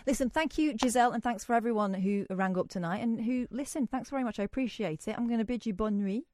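A woman's voice: a little high, quick pace, darkish tone, no room sound, clean studio sound. A woman hosting a radio phone-in, chatting with a caller and laughing easily. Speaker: radio host. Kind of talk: late-night phone-in chat. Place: radio studio. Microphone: studio mic.

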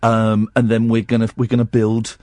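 A man's voice: on the low side, completely flat delivery, normal speed, darkish tone, no room sound. A man hosting a radio show, chatting casually on air in a rambling way with plenty of restarts.

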